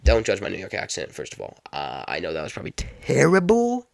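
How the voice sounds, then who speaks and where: Young guy rambling on his own podcast, repeats himself a lot, kinda gravelly. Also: deep voice, wildly swooping pitch, brisk, dry recording, studio quality. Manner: rambling, repeats phrases, chatty. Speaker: podcast host. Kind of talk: casual solo podcast chat.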